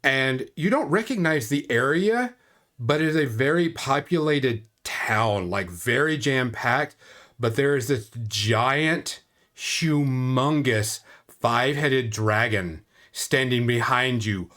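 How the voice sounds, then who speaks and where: Man, game master, casual storytelling, slow unhurried delivery, mid pitch. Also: lively intonation, fairly bright tone. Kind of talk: narrating a tabletop game.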